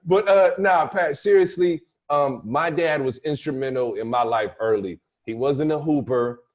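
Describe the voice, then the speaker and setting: A man's voice: fairly high pitch, moderate pace. Easygoing co-host man asking questions. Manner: relaxed interviewer, joking asides. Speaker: podcast co-host, former player. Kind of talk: casual podcast chat.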